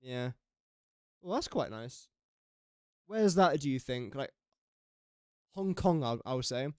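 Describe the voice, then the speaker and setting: A man's voice: mid-range voice, expressive, slow, darkish tone, smooth, no echo, studio quality. A young man streaming a game, chatting casually and joking about his own guesses as he thinks aloud. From England. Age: young adult. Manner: chatty, jokey and self-mocking, thinking aloud. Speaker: gaming streamer. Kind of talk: casual live-stream commentary.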